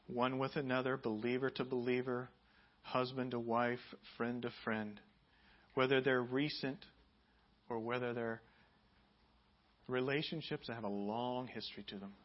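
A man's voice: steady tone, unhurried, long pauses. Emphatic preaching man, lo-fi audio. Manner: emphatic preaching, rising loud and high on key points. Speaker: pastor. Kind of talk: sermon.

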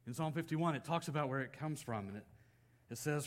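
A man preaching, retelling an old story with lots of expression. He acts out each quoted line, getting loud and high for outbursts and dropping to a near hush for the solemn parts. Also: brisk. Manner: storytelling, acting out quoted lines with swings of pitch and loudness. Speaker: pastor. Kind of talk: sermon.

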